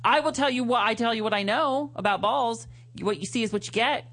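A man's voice: extremely high pitch, fairly quick, a bit bright. A man co-hosting a comedic advice talk show, telling things in a theatrical, exaggerated way. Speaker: co-host. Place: studio.

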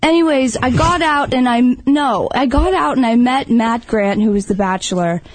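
A woman's voice: on the high side, normal speed, no room sound, low-quality recording. Chatty woman telling a story. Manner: chatty storyteller, calls partner babe. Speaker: guest. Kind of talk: casual chat.

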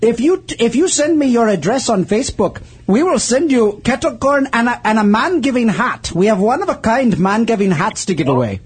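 High lively guy hosting a call-in show, very husky, teasing and joking around. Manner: playful, teasing, quick with innuendo. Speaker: podcast host.

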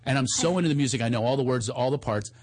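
Husky, animated comedian in his forties. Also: racing. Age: 40s. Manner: animated storyteller, bursts into high theatrical singing. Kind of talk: casual podcast chat.

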